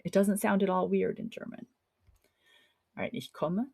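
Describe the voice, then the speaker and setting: A woman's voice: lowish voice, expressive, normal speed, creaky, a little mellow, dry recording, clean studio sound. A woman teaching a German grammar lesson over slides, chatty and encouraging, checking in often with her students. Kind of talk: classroom lecture over slides.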